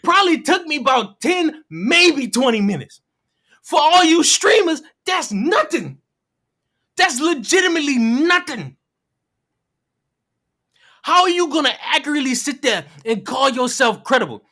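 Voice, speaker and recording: Bright, animated profane livestream ranter. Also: sits high, a little slow, pauses often. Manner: profane, mocking, rhetorical questions; mimics people in silly voices. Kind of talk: heated livestream commentary rant.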